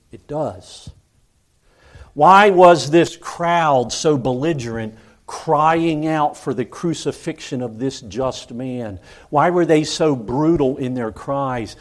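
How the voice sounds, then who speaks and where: A man preaching a sermon, building to loud cries and then dropping to hushed, solemn tones. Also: mid-range voice.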